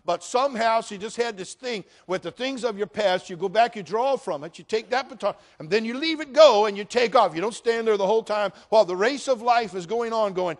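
A middle-aged male pastor preaching a sermon, shifting from quiet storytelling to loud exhortation. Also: high-pitched, fairly quick, few pauses.

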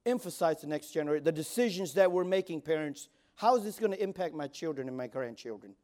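A man in his forties preaching as a youth pastor, swinging between loud exhortation and quiet asides, often stammering and repeating words. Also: a little high, expressive, fast talker. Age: 40s. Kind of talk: sermon.

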